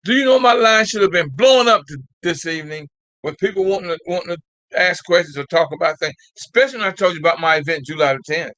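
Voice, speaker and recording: An older man hosts a live call-in show, urging his listeners on and repeating himself as he goes. His voice sits high and sounds bright and forceful. The sound is dry and close. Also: quick pace, dry recording, poor audio. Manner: exhorting and repetitive, drawls folksy "y'all". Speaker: host of a call-in talk show. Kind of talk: casual live call-in talk.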